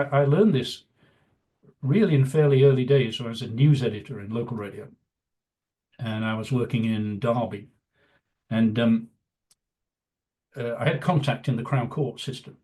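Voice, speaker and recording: Older male guest, rambling anecdotal storyteller, mid-pitched plain voice, casual interview. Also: warm tone. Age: 70s. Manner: rambling, anecdotal, many "you know" fillers. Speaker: guest, veteran news executive.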